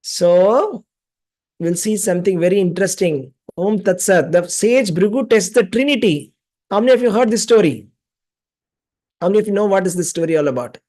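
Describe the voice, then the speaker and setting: A man's voice: high-pitched, expressive, normal speed, warm tone. A man teaching a scripture class, telling stories, acting out the dialogue and often checking in with the listeners. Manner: repetitive, asks the class questions, acts out dialogue. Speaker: spiritual teacher. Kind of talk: class lecture with storytelling.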